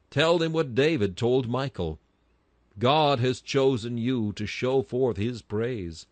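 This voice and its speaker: A man's voice: fairly low pitch, dry recording. A man reading a Victorian sermon aloud in an emphatic style that rises to bursts of fervor. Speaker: sermon reader.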